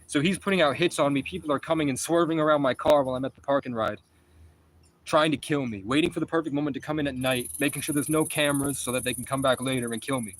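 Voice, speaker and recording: Intense male streamer, rambling profane monologue, mid-pitched voice. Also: fast talker, rough recording. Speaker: livestreamer telling a personal story.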